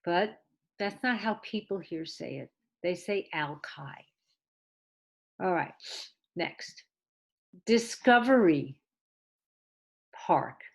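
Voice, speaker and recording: A woman teaching English as a second language, slowly modeling words one at a time in a deliberate pronunciation drill. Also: fairly low pitch, animated. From came to the area as an adult. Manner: clear, deliberate word-by-word modeling. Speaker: ESL teacher.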